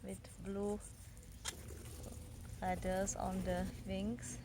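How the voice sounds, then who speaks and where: Slow-talking woman vlogging outdoors. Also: mid-range voice, little pitch movement. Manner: chatty, laughs often between remarks. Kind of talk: casual travel commentary. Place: outdoor park near a beach. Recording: outdoor background noise, birds.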